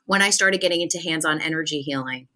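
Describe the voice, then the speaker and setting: A young woman with a bright, forceful voice tells her stories in a chatty, animated way. She slips into the voices of the people she describes, then gives calm, practical advice in a casual podcast conversation. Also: sits low, fast. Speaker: spiritual medium guest.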